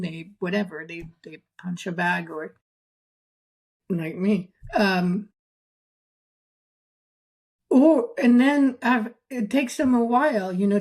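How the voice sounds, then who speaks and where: A woman's voice: medium pitch, darkish tone. A woman co-hosting a podcast, thinking aloud in casual chat with hedges and fillers.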